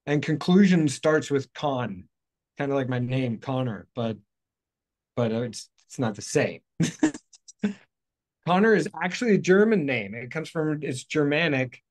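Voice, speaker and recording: A man's voice: mid-range voice, expressive, normal speed. A man hosting a spiritual talk show, talking casually in a rambling, playful way, correcting himself as he goes. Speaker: host. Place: outdoors in hot weather.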